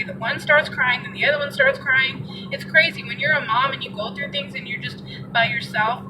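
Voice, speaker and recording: A woman's voice: sits high, animated, normal speed. A young woman vlogger giving an earnest, encouraging faith talk from inside a car, often repeating her phrases. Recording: distant muffled mic with loud car noise.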